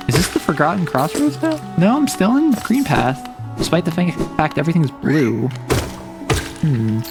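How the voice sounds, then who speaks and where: A man's voice: a little high, sing-song, moderate pace, creaky, over music. A man chatting casually while streaming a game, rambling and saying "like" often. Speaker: VTuber streamer. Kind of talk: casual gameplay stream commentary.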